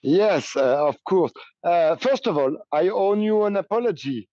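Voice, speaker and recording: A man from France with a French accent, a union train operator speaking haltingly in English as a remote interview guest. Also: high-pitched, expressive, dark tone, no echo, muffled recording. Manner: halting, many fillers, laughs often. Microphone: call-in line.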